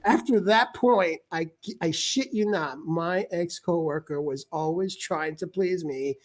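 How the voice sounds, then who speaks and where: Man, stand-up comic, high voice, laughs a lot, swears, noisy video call audio. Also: measured pace. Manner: animated, laughing, swearing freely. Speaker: host and stand-up comedian. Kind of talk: casual stand-up storytelling.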